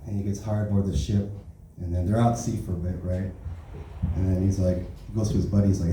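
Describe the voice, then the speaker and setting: A man doing a stand-up comedy set at an open mic, telling rambling profane stories with a steady stream of tag questions. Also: low-pitched, fast talker, slight background noise. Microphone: handheld stage mic. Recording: roomy club sound from far off.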